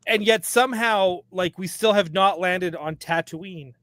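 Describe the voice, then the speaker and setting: High-voiced laughing podcast host. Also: male voice, a bit bright, no room sound, clean studio sound. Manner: laughs often, reads entries aloud haltingly. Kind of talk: casual chat while browsing a wiki.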